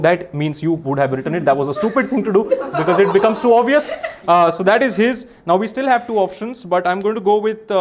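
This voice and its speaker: A young man with an Indian English accent runs a comedy magic act on a live stage. He speaks in a high register, teasing the audience and issuing mock-grand commands. A faint background hum sits under his voice. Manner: playful, teasing, theatrical commands.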